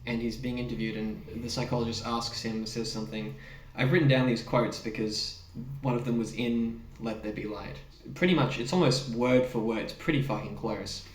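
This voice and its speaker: A man co-hosting a podcast in a casual film discussion, talking in an animated way with laughs and the odd swear word. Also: mid-range voice, normal speed, far from the mic. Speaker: podcast co-host. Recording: roomy sound, speaker off the mic.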